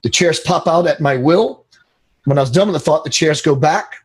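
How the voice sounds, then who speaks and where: A man being interviewed as a spiritual teacher, telling an animated story and acting out the dialogue. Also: on the high side, moderate pace, breathy edge.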